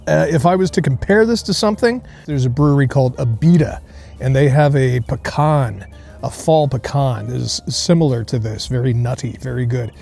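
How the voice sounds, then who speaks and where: A man's voice: mid-range voice, normal speed, creaky, darkish tone, soft background music. A man hosting a casual beer review outdoors, rambling through jokey tasting notes with many fillers. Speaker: beer reviewer, show host. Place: outdoor beer garden on a cold day.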